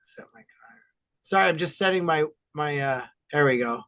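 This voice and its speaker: A man from Ontario, Canada, talking enthusiastically and loudly as a guest in a casual podcast chat. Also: a little high, normal speed. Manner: enthusiastic, animated, loud talker.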